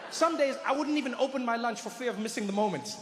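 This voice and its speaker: A male stand-up comedian telling a story on a live stage, animated and acting out voices. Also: extremely high pitch, fast. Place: large live theatre. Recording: echoey hall with faint crowd noise.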